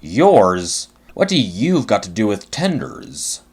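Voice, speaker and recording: A man's voice: lowish voice, big pitch swings, takes it slowly, husky, heavily acted. A man voicing a jealous, pompous male steam engine who complains in a huffy way.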